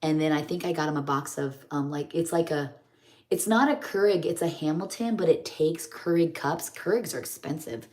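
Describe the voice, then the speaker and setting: A middle-aged woman does her makeup on a live stream while telling stories in a rambling, homey, chatty way. Her voice sits low and is a little mellow, at a normal speed.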